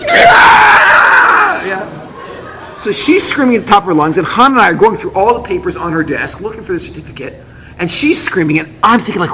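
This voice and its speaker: A rabbi tells a dramatic personal story in a lively, high, bright voice, acting out the dialogue. He drops in quick asides as he goes. The talk carries a long hall reverb over faint noise. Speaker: rabbi, speaker.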